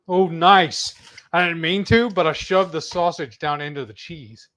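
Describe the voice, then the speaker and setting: A man's voice: fairly high pitch, measured pace, fairly bright tone. A man hosting a live cooking stream, chatting casually while he cooks. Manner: laid-back, talks while cooking.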